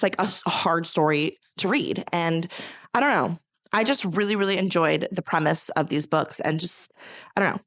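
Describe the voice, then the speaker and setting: A young woman from California talks casually about her month's reading. Her voice sits on the low side, and the sound is close and dry. She rambles with constant filler words and swings between dramatic gushing and ranting. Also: no echo. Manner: chatty, rambling, heavy use of filler words. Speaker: book reviewer. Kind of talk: casual chat.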